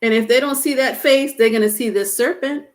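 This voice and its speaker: A woman's voice: fairly high pitch, fairly quick. A woman giving a casual live tarot reading, talking chattily and teasing her viewers, breaking into laughter often. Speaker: tarot reader.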